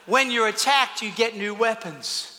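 A man preaching a lively sermon, telling stories and swinging from shouts to quiet lines. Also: high voice, measured pace, a little hiss or hum. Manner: storytelling, swings from loud to quiet. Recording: echoey hall.

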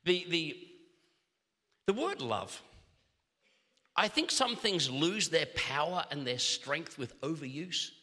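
With a bright, high tone, this middle-aged Australian pastor preaches through lively, funny stories, restarting quickly now and then. Long reverb from the hall fills the recording.

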